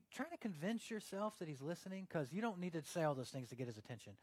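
A man's voice: sits high, sing-song, quick pace, hardly any pauses, no room sound. A young man preaching a casual, joking sermon, acting out little scenes as he goes. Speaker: pastor.

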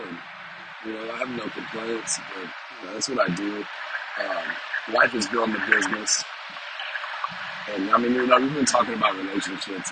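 A middle-aged man and vlogger talking casually to his viewers in a rambling, conversational way. He often repeats himself and keeps checking in with "you know?". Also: lowish voice. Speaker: vlogger and sales professional. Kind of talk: casual monologue to camera. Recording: steady background noise.

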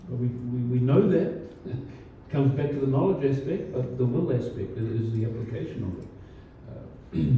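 A pastor preaches in an easygoing, chatty way, full of "you know" and small restarts. His voice is very dark and mellow. It is recorded from across an echoey hall, so the sound is roomy and a bit dull. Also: medium pitch, normal speed, recorded from a distance, a little hiss or hum. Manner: conversational, many fillers and restarts. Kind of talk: sermon.

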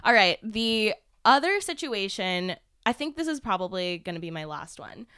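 Bright, giggly young woman podcaster. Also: mid-range voice, very animated, moderate pace, clean tone, no room sound, clean studio sound. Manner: giggly, chatty, reads listener scenarios. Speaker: podcast co-host. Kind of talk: casual chat.

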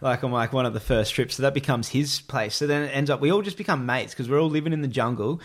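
A man's voice: medium pitch, fast talker. Laid-back Australian man telling stories. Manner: laid-back, slangy, rambling. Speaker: guest. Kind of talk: casual storytelling.

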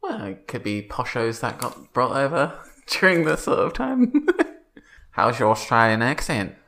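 A man's voice: medium pitch, big pitch swings, unhurried, pushed and bright. A man hosting a comedy podcast in casual, playful chat, laughing often. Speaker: podcast host.

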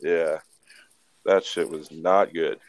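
A man's voice: rumbling low, steady tone, slow, dry recording. A man in his twenties, a podcast co-host, telling a rambling, swear-filled story in casual chat.

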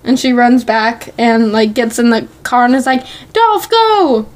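A woman with a notably high voice chats casually as a podcast co-host. Her talk is loose and giggly, full of "like" and "um". She keeps an easy, unscripted flow. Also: flat delivery, moderate pace. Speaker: podcast co-host recapping a TV episode. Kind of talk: casual chat.

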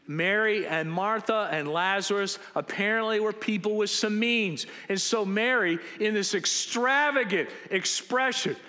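A man preaching a sermon in church, telling Bible stories in an animated way and acting out the people in them. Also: high-pitched, long reverb tail. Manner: animated storytelling, acting out biblical characters. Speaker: pastor.

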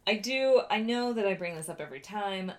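Animated, lively-voiced woman in chat. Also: mid-range voice, fairly quick. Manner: animated, exasperated, laughs often. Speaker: podcast co-host. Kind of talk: casual chat.

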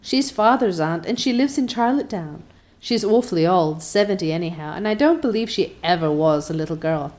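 A woman voicing an excitable, chatty young girl in a storybook reading, talking in a high, breathless gush. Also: fairly quick, natural voice. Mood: excited.

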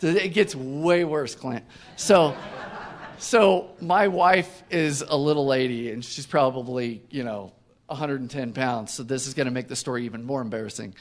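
A man as an interview guest, telling a self-mocking personal story in casual conversation with lively delivery. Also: medium pitch, moderate pace. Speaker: company co-founder, interview guest.

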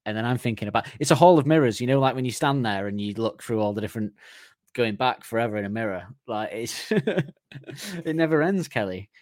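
A man co-hosts a casual comedy podcast, laughing often as he riffs. His voice sits at a middle pitch. It is recorded close and dry. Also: a little fast, a little mellow, no echo. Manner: laughs often, acts out mock phone calls. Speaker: podcast co-host.

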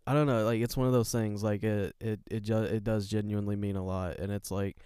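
A young man co-hosting a podcast, talking in a relaxed, rambling way with plenty of swearing and a soft, soothing voice. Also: on the low side, brisk, smooth, no room sound, clean studio sound. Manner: laid-back, rambling, swears often. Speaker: podcast co-host. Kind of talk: casual chat.

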